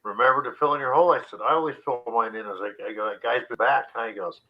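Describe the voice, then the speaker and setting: Brief: male remote guest, mid-pitched, dry teasing humor, slightly muffled remote audio. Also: racing. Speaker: remote guest on a live stream. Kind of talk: casual live stream chat.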